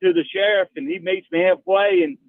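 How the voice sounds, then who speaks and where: A man's voice: sits high, a little fast, no echo. A man, calling into a radio show and telling a folksy story. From Texas. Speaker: caller. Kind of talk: phone-in storytelling. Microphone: phone. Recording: tinny phone line.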